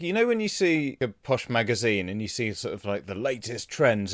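A man's voice: medium pitch, no room sound, clean studio sound. A man hosting a podcast in casual chat, laughing often and thinking aloud with small restarts. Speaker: podcast host.

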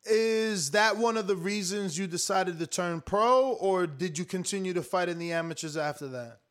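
A man hosting a casual talk show, asking chatty, halting questions. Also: high voice, a bit bright. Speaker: host. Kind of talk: casual interview.

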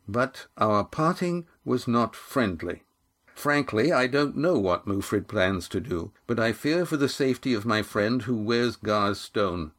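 A man's voice: lowish voice, a bit bright. A man voicing a young seafaring grandson who speaks earnestly and declaims a proclamation.

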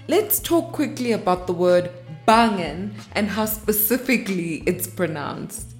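A woman's voice: medium pitch, lively intonation, unhurried, faint music behind. A woman in her thirties, from South Africa, hosting a podcast in an upbeat, chatty monologue. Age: 30s. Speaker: podcast host.

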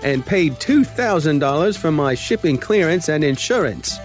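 A man voicing a pushy money-grant scammer in a deliberately bad Australian accent. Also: fairly high pitch, soft background music, close to an everyday voice.

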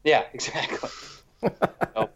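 A man co-hosting a podcast, talking hockey casually in a rambling, animated way with a lot of "like". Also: slow, muffled recording, slight background noise. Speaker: podcast co-host.

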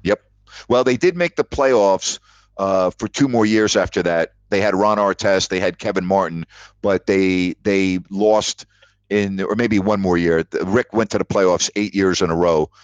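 A man's voice: low-pitched, unhurried, smooth, no echo. A man hosting a call-in sports talk show, telling stories with emphatic repetition. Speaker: sports radio host. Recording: dull lo-fi audio.

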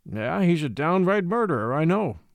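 A man's voice: on the high side, sing-song, normal speed, gravelly, dry recording. A man voicing a dry, wry middle-aged dog musher who needles his companion innocently.

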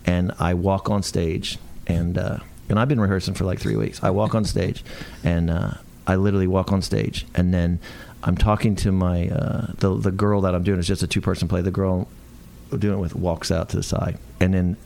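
A man's voice: low voice, little pitch movement, moderate pace, vocal fry, darkish tone. A man on a podcast tells a story in loose, rambling bursts. He mocks himself as he goes and keeps starting sentences over. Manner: rambling, self-mocking, restarts sentences often. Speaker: podcast co-host, actor. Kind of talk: casual storytelling chat.

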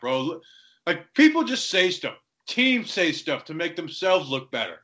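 A man's voice: on the high side, big pitch swings, measured pace, pushed and bright. A man co-hosting a podcast in casual sports chat, rambling with lots of "like" and restarts. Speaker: podcast co-host.

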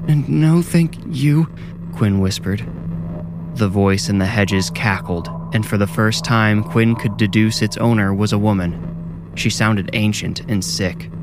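Low-voiced man narrating horror. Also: little pitch movement, measured pace, noisy background.

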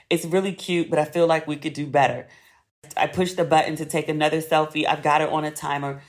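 Chatty woman telling a story. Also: low-pitched. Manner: chatty and expressive, swears freely, uses "like" often. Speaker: podcast host. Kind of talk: casual storytelling monologue.

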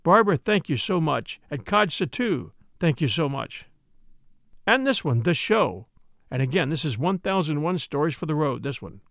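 Lively, fairly high-voiced man narrating a story. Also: no echo, clean studio sound. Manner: smooth, measured storytelling. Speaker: podcast host and narrator. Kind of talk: scripted narration of a classic mystery.

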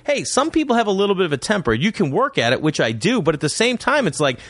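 A man's voice: sits high, quick pace, dry recording. A man who is a comedian guest on a podcast, chatting casually and acting out the scenes in his stories. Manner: animated storyteller who acts out scenes. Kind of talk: casual chat. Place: home man cave.

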